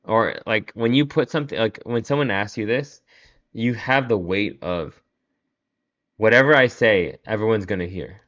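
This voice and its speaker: A man's voice: on the low side, moderate pace, fairly bright tone, dull audio. A man hosting his own podcast, talking casually and at length, rambling with lots of "like", frustrated and laughing often. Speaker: podcast host. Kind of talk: casual solo podcast monologue.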